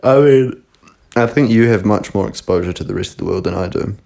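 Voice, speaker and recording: A man's voice: on the low side, fairly quick, vocal fry, dark tone. A young man with a New Zealand accent, chatting casually as a podcast co-host with dry, understated remarks. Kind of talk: casual chat.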